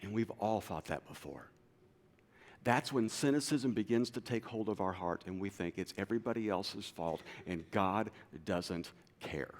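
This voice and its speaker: A man preaching a sermon as pastor, swinging from loud, urgent lines to quiet, low ones. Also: normal speed, few pauses. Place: church auditorium. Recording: long hall reverb.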